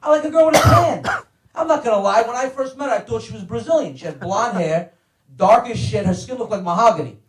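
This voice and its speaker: A man telling foul-mouthed family stories in an animated stand-up style, acting out everyone's voices. His voice sits high for a man, and the sound is roomy. The mic is well away from him. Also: fairly quick, distant mic, very noisy. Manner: profane, animated, acts out voices. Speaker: comedian guest telling stories. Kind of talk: stand-up storytelling.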